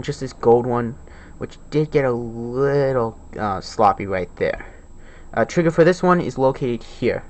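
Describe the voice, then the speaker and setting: A man of average pitch talks through a toy review in a relaxed, rambling way, full of fillers. He sounds eager about what he is showing. He is recorded at home by a camera on a tripod. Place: home room with desk.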